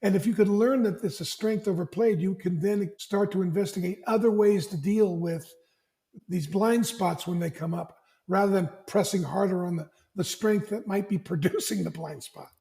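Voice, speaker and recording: A man speaks as an interview guest, with a higher pitch than most men and a warm, soft timbre. He tells stories with plenty of restarts and plays out the dialogue of the people in them. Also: moderate pace, creaky. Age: older. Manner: animated storyteller who acts out family dialogue, frequent restarts. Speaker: executive coach, podcast guest. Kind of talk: conversational interview storytelling.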